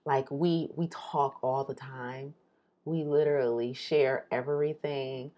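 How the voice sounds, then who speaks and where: A woman co-hosting a podcast in casual chat, talking in an animated, rambling way and laughing often. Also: rumbling low, slow pace, muffled recording. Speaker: podcast co-host. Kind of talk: casual chat, imagining the future.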